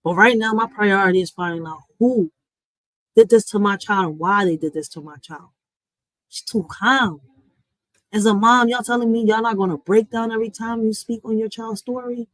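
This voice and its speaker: A woman's voice: medium pitch, no room sound, poor audio. A woman streamer talking to her live chat in a blunt, heated rant, swearing and addressing viewers directly. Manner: blunt and heated, swearing, with sudden loud and quiet swings; talks straight to viewers, often with "listen" and "y'all". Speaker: reaction streamer.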